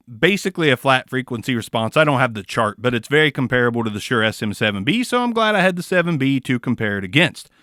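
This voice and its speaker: A man with a Southern US accent casually reviewing a microphone in his small home studio, goofy, swearing and cracking crude jokes, with sudden loud outbursts. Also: medium pitch, dry recording. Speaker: mic reviewer.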